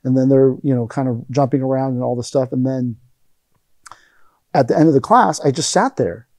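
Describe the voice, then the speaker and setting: A middle-aged aikido teacher is a guest in a casual interview, telling rambling anecdotes and acting out the lines he quotes. His mid-range voice has a darkish tone at normal speed, recorded dry with clean studio sound.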